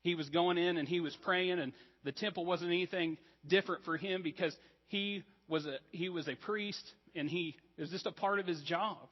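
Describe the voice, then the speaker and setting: A man's voice: high voice, moderate pace, big-room sound, dull audio. A man preaching a sermon as pastor, conversational and earnest, with casual asides to the congregation. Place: church sanctuary.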